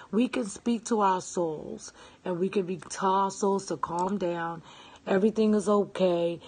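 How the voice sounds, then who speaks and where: A woman's voice: medium pitch, darkish tone, breathy edge. A woman giving a casual motivational talk, stressing and repeating her points and checking in with her listeners. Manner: emphatic, repeats phrases, checks in with "okay?" and "right?"; greets live viewers. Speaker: self-help speaker.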